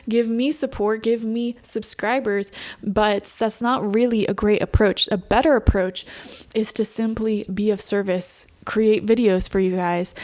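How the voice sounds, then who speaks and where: A young woman giving a casual pick-a-card tarot reading, chatty and animated, laughing often. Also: mid-range voice. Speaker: tarot reader.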